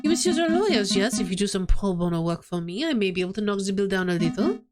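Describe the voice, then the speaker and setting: Woman voicing a shrewd bird doctor, businesslike and persuasive, bit lower than her usual. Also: very animated, fast talker, loud music behind the voice, lightly acted.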